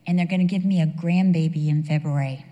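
A woman's voice: low-pitched, fairly even intonation, fairly quick, mellow, a little hiss or hum. A woman in her fifties giving an emotional sermon-style testimony, telling the story with acted dialogue. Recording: long reverb of a large hall.

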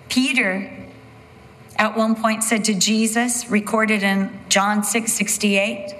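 Slow, emphatic woman preaching in a hall. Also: medium pitch, a bit bright. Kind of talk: sermon.

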